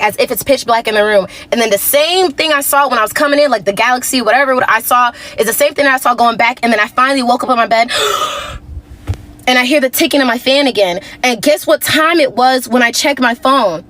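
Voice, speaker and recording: A young woman vlogger telling a long, animated storytime full of fillers. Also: on the high side, a little fast. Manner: rambling, animated, heavy on fillers.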